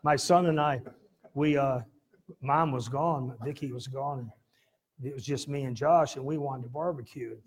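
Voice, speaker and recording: A middle-aged pastor telling a folksy, laughing story in a sermon, with sudden loud bursts. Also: male voice, mid-range voice, steady tone, normal speed.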